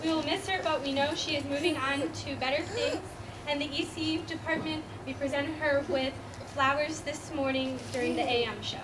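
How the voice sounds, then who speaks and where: A woman teacher reading a Christmas poem aloud in a clear, measured way, then making announcements. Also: sits high. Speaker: preschool teacher. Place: school room or hall. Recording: echoey room from far off, background noise.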